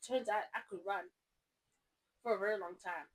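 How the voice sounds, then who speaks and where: A woman's voice: mid-range voice, moderate pace, rough recording. A woman from South Africa with a South African accent, chatting casually and gushing through a book review with lots of rambling asides. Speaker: book vlogger.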